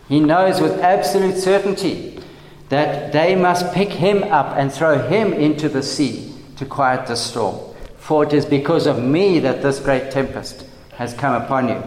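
A man preaching an expository sermon, teaching slowly and deliberately, often restarting his phrases. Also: on the high side. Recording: echoey hall with long reverb.

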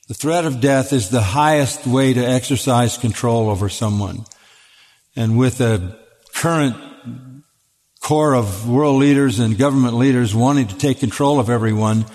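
An older man preaches at a middle pitch, earnest and emphatic, often stumbling over and repeating the first words of a sentence. His voice carries a long reverb from a large hall. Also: a little mellow. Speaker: pastor answering questions. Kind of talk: sermon-style Q&A talk. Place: church auditorium.

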